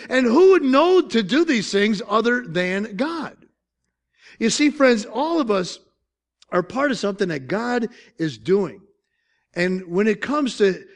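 Older male pastor, Upstate New York accent, lively swooping pitch, gravelly, joking storyteller. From Syracuse, New York. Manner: animated, joking storytelling with laughs. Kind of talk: sermon.

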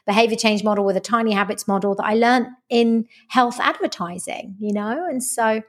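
A woman's voice: a little high, brisk. A woman coaching on dating and relationships, chatting as a podcast guest and acting out the voices in her stories. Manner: animated storyteller who acts out quoted dialogue. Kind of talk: casual podcast interview.

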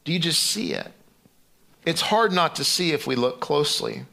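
A man's voice: a little high, sing-song, moderate pace, vocal fry, bright, forceful tone. A middle-aged man preaching a sermon in a loose, conversational way, with frequent restarts and fillers. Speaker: pastor.

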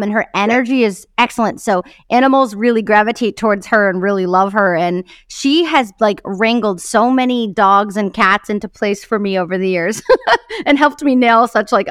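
A woman's voice: on the high side, a bit bright, smooth, dry recording, studio quality. A woman co-hosting a podcast, chatting in a casual, enthusiastic way and laughing often. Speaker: podcast co-host. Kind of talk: casual chat.

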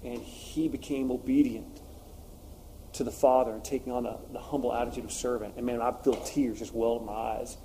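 A man's voice: mid-range voice, little pitch movement, brisk, dark tone, slight background noise. A man preaching a sermon, telling personal stories in an earnest, confessional way with frequent fillers.

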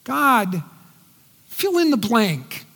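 A man preaching a sermon in earnest, his voice dropping soft and quiet when he speaks quoted words. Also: very high voice, big pitch swings, extremely slow, vocal fry. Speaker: pastor. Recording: long reverb in a large hall.

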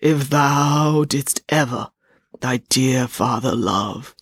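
Narrator doing a slow, solemn ghost king, husky, dead dry room. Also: mid-range voice, no room sound. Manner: slow, drawn-out delivery. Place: home office.

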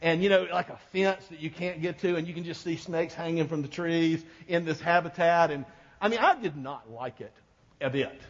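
Male pastor, high voice, casual storytelling sermon, dull recording with long reverb. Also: normal speed. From American South. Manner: folksy storytelling, jokes with congregation.

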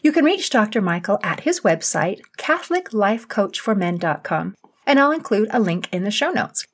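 A woman hosting an interview podcast, welcoming her guest warmly. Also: medium pitch, big pitch swings, normal speed, husky. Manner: warm, welcoming. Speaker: podcast host.

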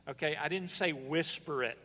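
A pastor preaching a sermon to his congregation, swinging between loud emphatic calls and hushed, slow lines. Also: a little high, slight background noise. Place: church hall. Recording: long reverb of a church hall.

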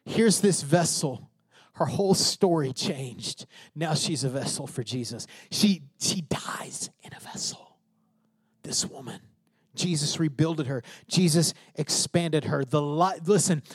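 A pastor preaching a sermon, emphatic, swinging from loud declarations to hushed asides. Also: male voice, on the high side, dry recording.

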